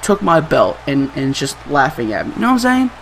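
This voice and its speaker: A young man hosting a gaming channel, giving excitable, trash-talking gameplay commentary and laughing often. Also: on the high side, brisk, vocal fry, slight background noise.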